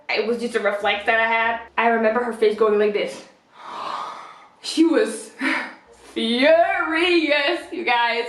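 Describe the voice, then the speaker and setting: A woman in her twenties from the Netherlands, telling a story in a casual vlog and acting out the quotes. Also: fairly high pitch. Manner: animated storyteller, acts out quotes with laughs. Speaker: vlogger. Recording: roomy echo.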